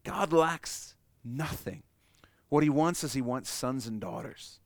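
A man preaching a sermon, swinging from loud emphatic peaks to soft low asides. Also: takes it slowly, no echo. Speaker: pastor.

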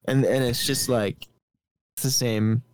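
A man's voice: mid-range voice, fairly even intonation, a little slow, a little mellow, clean tone, dry recording. A man co-hosting a podcast, rambling in casual banter with lots of fillers and swearing. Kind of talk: casual chat.

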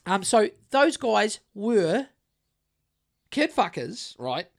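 A man's voice: high voice, very animated, extremely slow, gravelly. Rambling, profane New man. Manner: rambling, profane, many restarts and fillers. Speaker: podcast co-host. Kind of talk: casual conspiracy podcast chat.

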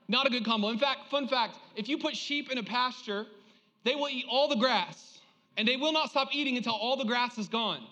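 High, bright-voiced man preaching. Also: brisk, in a large hall, highs cut off. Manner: lively, joking, calls for audience response. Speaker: pastor. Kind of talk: sermon.

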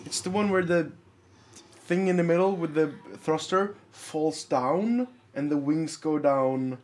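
A man's voice: fairly high pitch, a little slow, a little hiss or hum. A man chatting casually and enthusiastically, rambling a little as he talks. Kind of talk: casual chat.

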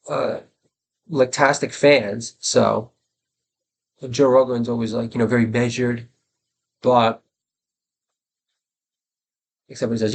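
A man in his forties with a gravelly, creaky voice and a middling pitch hosts a solo podcast. He wanders from story to story with crude jokes and self-deprecating asides. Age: 40s. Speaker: podcast host and comedy writer. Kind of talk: rambling solo podcast monologue.

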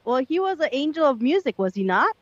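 A woman whose first language is Korean, a guest on a show, joking quick-wittedly and laughing a lot. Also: high voice, big pitch swings, no echo, lo-fi sound. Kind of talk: playful casual chat.

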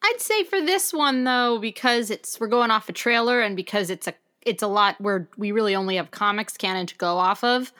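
A woman's voice: mid-range voice, animated, normal speed, few pauses, pushed and bright. A woman co-hosting a podcast in casual chat, playful and giggly, often restarting her sentences. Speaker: podcast co-host.

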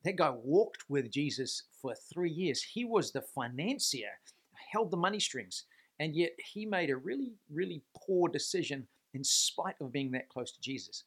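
A man's voice: fairly high pitch, big pitch swings, a little slow. Earnest, emphatic man giving a faith talk. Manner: earnest, emphatic, asks rhetorical questions; stresses points by repeating words. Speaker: Christian leadership speaker. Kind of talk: faith-based leadership video talk.

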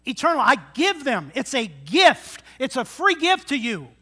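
A man in his sixties, a pastor preaching a sermon, swinging between loud emphatic lines and quiet asides. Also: very high-pitched, huge pitch swings, unhurried. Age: 60s.

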